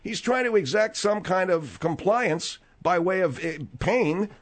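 A man's voice: high voice, expressive, a little slow. A man hosting a talk radio show, speaking in a blunt, conversational way.

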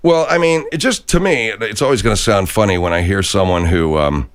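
A man's voice: lowish voice, fairly quick, smooth. A man hosting a radio comedy talk show, hesitant and often exasperated. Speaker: host.

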